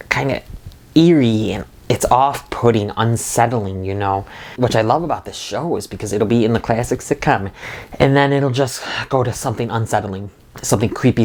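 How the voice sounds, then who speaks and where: A man's voice: fairly low pitch, darkish tone. A man giving a casual, enthusiastic spoken recap and review of a TV episode, rambling with restarts and quoting dialogue. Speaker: video reviewer.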